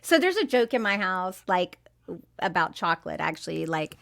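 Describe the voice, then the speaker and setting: A woman's voice: lowish voice, normal speed, vocal fry, fairly bright tone. Chatty woman reviewing a film. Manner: chatty, laughs often, trails off into asides. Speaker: podcast panelist. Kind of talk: casual review chat.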